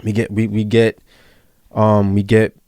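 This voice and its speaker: A man's voice: fairly low pitch, completely flat delivery, measured pace, darkish tone, smooth, dry recording. Earnest young man telling a story, dry sound. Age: young adult. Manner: earnest, repeats himself, peppered with bro and yo. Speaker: podcast guest. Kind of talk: casual personal storytelling.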